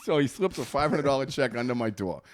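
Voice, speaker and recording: A man's voice: mid-range voice, lively intonation, quick pace. A man telling a long profane story in casual podcast chat, laughing often. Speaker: comedian guest.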